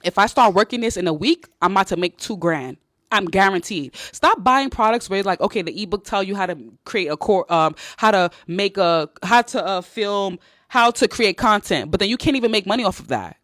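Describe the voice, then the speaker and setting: A woman's voice: mid-range voice, animated, fairly quick, fairly bright tone, dry recording, studio quality. A woman from Nigeria, an online business coach, giving a blunt, casual pep talk. She swears and repeats lines for emphasis.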